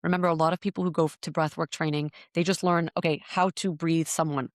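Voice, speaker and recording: In a clean, dry studio recording, a breathwork teacher appears as a podcast guest, telling her story earnestly and searchingly and repeating words as she thinks. Her low-pitched voice stays level at a quick pace.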